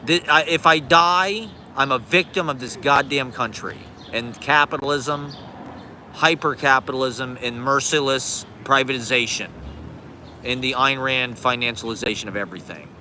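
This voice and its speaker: Slight background noise surrounds this man in his forties, whose medium-pitched voice sounds pushed and bright at a normal speed. Live streaming outdoors from a handheld phone on a city street, he delivers a rambling, profane, sarcastic, self-deprecating rant.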